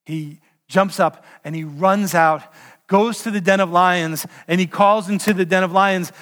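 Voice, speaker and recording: High-voiced pastor preaching in a reverberant hall. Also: male voice, unhurried. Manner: storytelling, animated, direct questions to listeners. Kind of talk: sermon.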